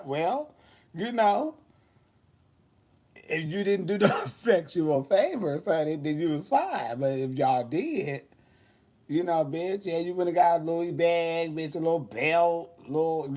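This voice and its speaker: A man with a slightly high voice, hosting a loose, chatty show. He tells bawdy stories with sass and theatrical asides, laughing often as he goes. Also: unhurried, a little mellow. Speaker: host. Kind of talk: casual storytelling chat.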